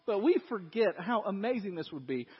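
A pastor preaching a sermon in animated storytelling style, acting out people's voices, recorded in a church with an echoey, dull lo-fi sound. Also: male voice, high voice, brisk, slightly rough.

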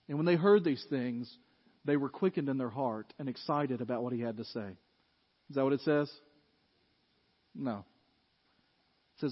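A male pastor giving a sermon, swinging from loud, emphatic peaks to quiet, low asides. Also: very animated, normal speed, pauses often, breathy edge. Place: church sanctuary. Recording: dull sound in a large reverberant hall.

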